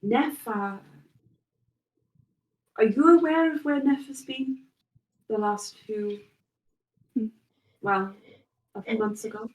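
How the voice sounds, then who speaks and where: A woman voicing a formal, hesitant noblewoman in a tabletop game, speaking politely with many pauses. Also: fairly high pitch, darkish tone. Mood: courteous. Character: formal, hesitant noblewoman who has abdicated. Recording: roomy, distant mic.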